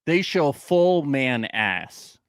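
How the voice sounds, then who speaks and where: Young man, podcast co-host, lively pitch, dry close mic, profane jokes. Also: very slow, clean tone, dry recording. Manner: joking, profane, often breaks into laughs. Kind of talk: casual recap chat.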